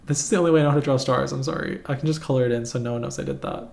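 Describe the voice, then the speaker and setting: A man's voice: medium pitch, fairly even intonation, fast talker, vocal fry, few pauses, a little mellow. A man casually explaining a fighting game matchup while drawing on screen. He rambles, restarts often and laughs at his own jokes. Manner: rambling, self-mocking, laughs at himself. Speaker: competitive gamer explaining matchups.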